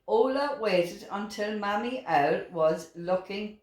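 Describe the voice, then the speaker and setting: An older woman reads a children's story aloud, slowly and expressively, with a voice that rises and falls a great deal. The recording sounds roomy, with a clear echo around her. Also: mid-range voice. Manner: slow and expressive, with lively voices. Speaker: grandmother reading to children. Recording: roomy echoing room.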